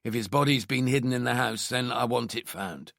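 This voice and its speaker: A man voicing a decisive male detective inspector briefing his team in a measured, firm way. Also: medium pitch, vocal fry, fairly bright tone, no room sound, clean studio sound. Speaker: police team leader.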